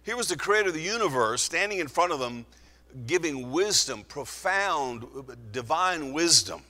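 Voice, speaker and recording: A man's voice: fairly high pitch, expressive, sharp tone. Man preaching a sermon, earnest and emphatic, with a tense edge, heard in a big echoing hall. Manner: earnest, emphatic, slows for stress. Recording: long hall reverb.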